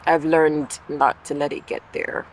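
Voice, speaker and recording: A woman's voice: low voice, level tone, measured pace, slight background noise, low-quality recording. A woman vlogger in a casual monologue, candid and reflective, talking through her feelings aloud with the odd swear word. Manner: occasional swearing.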